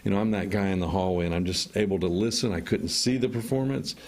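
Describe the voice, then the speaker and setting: A man's voice: low voice, fast, a little mellow. A man, a teacher and team coach, explaining at length as a radio interview guest.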